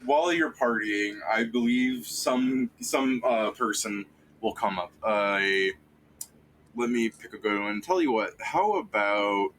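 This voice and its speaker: A man's voice: mid-range voice, lively intonation, slow pace, a bit bright, a little hiss or hum, low-quality recording. A man running a tabletop game on stream, talking casually in a rambling, profane way. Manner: rambling, profane, full of fillers. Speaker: game master.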